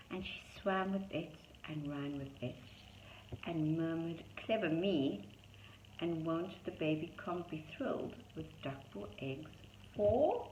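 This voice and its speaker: Her voice sits low as the woman reads a rhyming picture book to young children in sing-song fashion, pausing for chatty comments on the pictures. There's background noise, and the space is dull and echoey.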